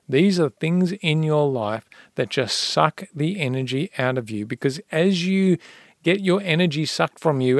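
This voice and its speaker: A man on a podcast telling a parable and giving money tips in a calm, storytelling way. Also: fairly high pitch, no room sound, studio quality. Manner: storytelling, repeats a refrain calmly. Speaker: guest expert on personal finance.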